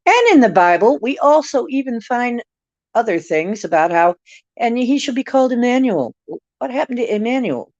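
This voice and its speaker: A woman's voice: a little high, lively intonation, normal speed, a little mellow, no echo, muffled recording. A woman hosting a casual livestream, musing and rambling while she answers viewer comments. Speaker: livestream host reading viewer chat.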